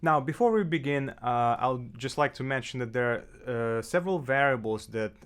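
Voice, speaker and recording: A man with a mid-range voice and clean tone speaks at a moderate pace while teaching clarinet in a casual tutorial inside his apartment. He's relaxed and loose, full of fillers and restarts as he corrects himself.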